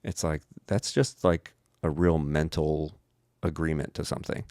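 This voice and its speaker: A young man with an extremely deep, low voice talks things through in a casual podcast chat. He is a pastor who keeps acting out little quoted voices and peppers his talk with "like". The sound is close and dry, with no room around it. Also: steady tone, moderate pace, a little mellow, no room sound. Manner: acts out quoted voices, fills speech with "like".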